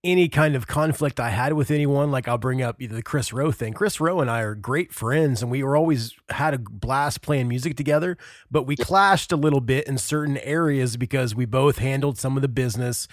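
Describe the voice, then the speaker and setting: A man's voice: mid-range voice, a little fast, dry recording, studio quality. A man in his forties hosting a podcast, chatting casually and in a friendly way with his guest. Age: 40s. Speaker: podcast host. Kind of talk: casual interview chat.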